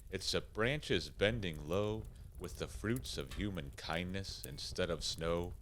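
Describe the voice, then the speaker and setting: A man voicing a calm, wise Santa Claus in a rhyming radio play, gently lecturing. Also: deep voice, slow, a little hiss or hum. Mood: tender.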